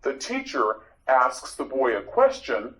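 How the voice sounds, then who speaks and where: A man teaching English vocabulary in a slow, repetitive drill, with clear, deliberate pronunciation. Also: mid-range voice, wildly swooping pitch, fairly bright tone, low-quality recording.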